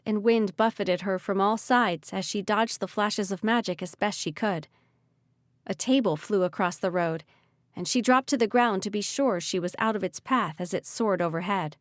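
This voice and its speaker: A woman reads a fantasy audiobook with lively, expressive delivery. Her voice sits at a middle pitch. The recording is close and dry, with no room sound. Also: no room sound. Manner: expressive, vivid reading. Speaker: audiobook narrator. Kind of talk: audiobook narration.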